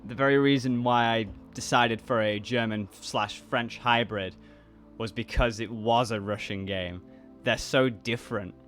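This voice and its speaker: Over soft music, a slightly bright, mid-range male voice moves a little slowly with fairly even intonation. The speaker, a YouTuber and voice actor in his twenties whose accent mixes British and American, reads comments aloud and reacts in a casual, rambling chat full of restarted sentences.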